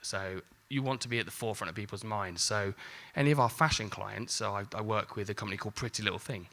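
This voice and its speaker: A man's voice: fairly low pitch, fast talker, fairly bright tone. A man in his forties giving a live conference talk on marketing, casual and jokey, with the odd mild swear. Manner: jokey, casual, swears lightly, acts out exchanges. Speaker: conference speaker.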